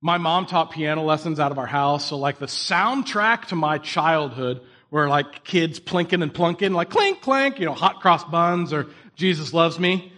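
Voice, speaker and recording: A man preaching a sermon in a relaxed, conversational way, telling self-deprecating stories and asking the listeners direct questions. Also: a little high, moderate pace, few pauses.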